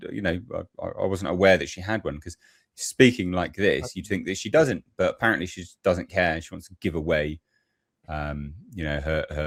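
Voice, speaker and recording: A man's voice: deep voice, no room sound, clean studio sound. A man hosting political commentary, reacting to a clip with heated, profane ranting.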